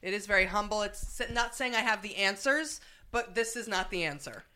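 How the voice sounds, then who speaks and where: A woman's voice: medium pitch, animated, a little fast, pushed and bright. A woman hosting a casual chat, enthusiastic and swearing freely. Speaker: host.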